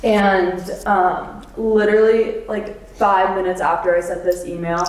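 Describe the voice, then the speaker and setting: A woman's voice: mid-range voice, flat delivery, a little slow. A young woman, a PR intern, earnestly telling a work story in casual podcast chat. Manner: earnest, recounting a work memory. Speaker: PR intern guest. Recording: echoey, from a distance.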